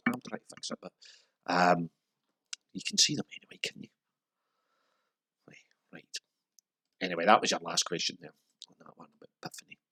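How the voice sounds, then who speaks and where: A Scottish man runs a casual pub quiz, wandering into sweary, wry tangents between questions. His voice sits very low with a gravelly fry. The tone has a husky edge. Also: a bit bright. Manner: rambling, sweary, wry asides.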